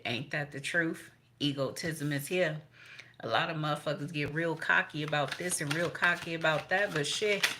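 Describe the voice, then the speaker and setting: A woman's voice: sits low, bright, forceful tone. A middle-aged woman giving a casual tarot reading to her viewers, blunt and foul-mouthed, chatting along and quoting people in little voices. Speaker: tarot reader.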